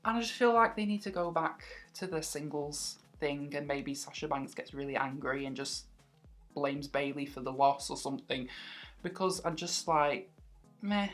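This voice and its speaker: A woman's voice: deep voice, moderate pace, soft background music. A woman vlogging wrestling predictions in a chatty, casual way, acting out other people's reactions as she talks. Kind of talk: casual chat.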